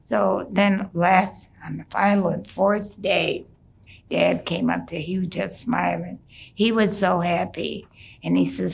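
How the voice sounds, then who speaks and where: An unhurried middle-aged woman tells a traditional tale in a relaxed, conversational way. Her voice has a gravelly, creaky edge, and she often pauses, restarts a phrase or adds a soft filler before going on. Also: fairly low pitch. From United States. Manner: unhurried, with gentle hesitations and restarts. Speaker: storyteller. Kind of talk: traditional storytelling, told casually.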